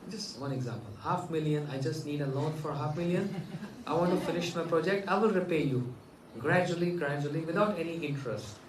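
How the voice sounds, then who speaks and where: A man's voice: on the high side, brisk, few pauses, background noise. Earnest man telling a devotional story. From India. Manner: gentle, earnest storytelling with quoted dialogue. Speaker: spiritual teacher. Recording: echoey room, mic at a distance.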